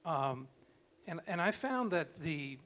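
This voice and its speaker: A man's voice: a little high, sing-song, slow, a bit bright. Hesitant man asking from the audience. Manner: hesitant, with many ums. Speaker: audience member asking a question. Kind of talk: audience question.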